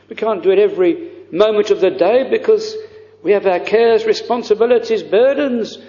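A man preaching a fervent, pleading sermon, full of drawn-out exclamations and quoted prayers. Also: high voice, dark tone. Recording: lo-fi recording in a reverberant church.

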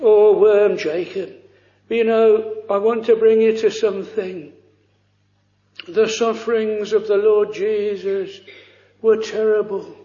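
High-voiced man preaching, slow and halting. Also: steady tone, warm tone, echoey room, dull audio. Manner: earnest, halting, many fillers, archaic phrasing. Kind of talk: sermon.

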